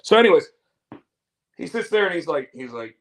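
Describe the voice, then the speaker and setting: Excitable guy on a chat show, voice a bit high, keeps repeating himself and doing impressions. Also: fairly quick. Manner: excitable, repeats words, breaks into wrestler impressions. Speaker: podcast co-host. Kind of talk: casual chat about wrestling.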